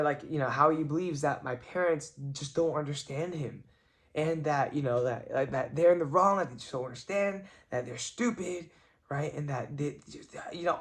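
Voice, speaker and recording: A young man vlogging, telling a family story in an earnest, reflective way and filling his talk with "like". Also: fairly high pitch. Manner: chatty, many "like" fillers, earnest and reflective. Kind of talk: casual storytelling vlog.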